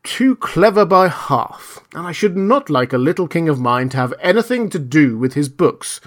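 A man's voice: on the high side, sing-song, moderate pace. A cautious, overly polite prime minister from a storybook, as a man reading aloud puts him on. He hesitates and picks his words with care. His manner stays deferential throughout. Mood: hesitant.

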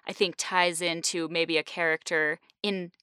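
A woman's voice: fairly low pitch, flat delivery, unhurried, sharp tone, clean tone, no echo, clean studio sound. A woman hosting a casual podcast chat, bubbly and fond of puns, laughing often. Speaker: podcast host.

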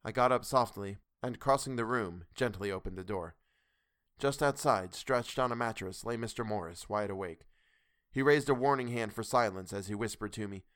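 A man reading a classic novel aloud in a measured, steady storytelling voice. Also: lowish voice, clean tone, no room sound, studio quality. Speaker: audiobook narrator. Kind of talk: audiobook reading.

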